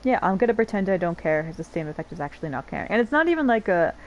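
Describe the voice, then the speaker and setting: Brief: woman streamer, low voice, rambling casual commentary, faint hiss behind. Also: sing-song, racing, lo-fi sound. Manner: rambling, swears, laughs often. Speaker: game streamer. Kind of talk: casual let's-play commentary.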